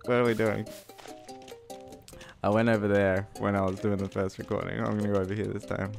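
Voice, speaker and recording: A man's voice: on the low side, moderate pace, creaky, pauses often, faint music behind. A man giving casual let's-play commentary at home into a desk microphone, laughing often and yelping at surprises. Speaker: gaming commentator. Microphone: desk USB microphone.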